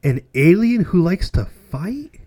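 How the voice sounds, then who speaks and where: A man's voice: high voice, sing-song, slow, warm tone, breathy edge. Trash-talking young man in a quiz game. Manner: competitive, trash-talking, exasperated. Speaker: podcast co-host and quiz player. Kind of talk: casual chat.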